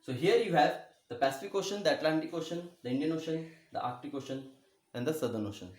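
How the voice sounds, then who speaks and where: Man teaching slowly in an echoey room. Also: fairly high pitch, big pitch swings. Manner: slow, repeats and spells out words, checks with "okay?". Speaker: school teacher. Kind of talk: classroom geography lesson.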